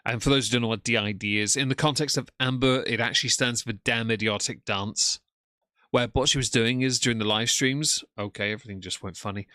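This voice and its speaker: A man's voice: mid-range voice, fairly even intonation, fairly quick, bright, forceful tone, no echo. A man doing live reaction commentary on a stream, talking in a sarcastic, mocking way.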